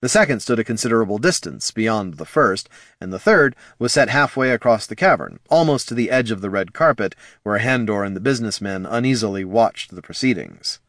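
Male narrator, even fantasy audiobook reading, dry recording. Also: fairly low pitch, fairly quick, hardly any pauses, no room sound.

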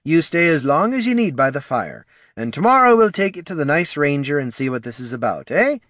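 Kindly old tavern keeper, voiced by a male narrator, raised and coaxing, gentle to the end. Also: fairly high pitch, sing-song, a little fast, no room sound, studio quality, pitched above the performer's own voice. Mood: soothing. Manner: coaxing, soothing.

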